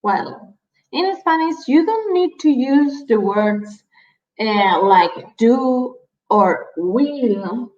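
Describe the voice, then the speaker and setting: A woman teaching a language lesson, repeating each word slowly and carefully for learners. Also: on the high side, lively intonation, darkish tone, roomy sound, highs cut off. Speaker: Spanish teacher.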